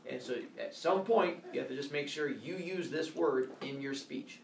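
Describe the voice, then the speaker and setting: A male teacher explaining classroom rules in a playful, joking way, now and then shouting mock corrections. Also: a little high, normal speed, creaky, echoey room, far from the mic, a little hiss or hum. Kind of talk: classroom instructions. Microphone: phone recording from across the room.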